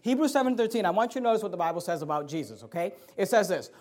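High-voiced man preaching a sermon. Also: animated, very fast, a little mellow. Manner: emphatic, conversational preaching with many restarts. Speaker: pastor.

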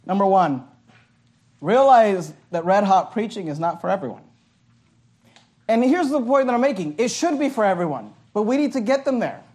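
A male pastor preaching a sermon in an animated, joking way, at times shouting. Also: sits high, moderate pace.

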